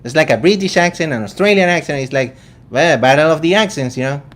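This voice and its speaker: This Venezuelan vegan channel host, speaking with a Venezuelan accent, runs his casual commentary show with joking disbelief and rapid asides. His voice is expressive and a little high.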